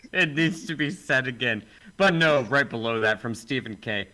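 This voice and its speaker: A man's voice: medium pitch, animated, normal speed, sharp tone. A man on a group stream reading movie reviews aloud in casual banter, with hesitant fillers. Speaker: stream co-host.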